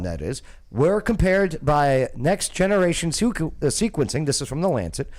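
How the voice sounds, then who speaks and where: A man's voice: fairly high pitch, a little mellow. A man hosting a casual comedic talk show, reading news articles aloud and breaking off for jokes and laughs. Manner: reads articles aloud with joking asides and laughs. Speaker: show host.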